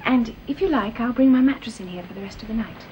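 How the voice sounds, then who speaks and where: A woman's voice: on the high side, muffled recording, noisy background, close to an everyday voice. A woman playing Laura, a sensible young woman. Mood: soothing. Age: young adult. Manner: brisk, kind. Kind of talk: 1930s-set radio drama.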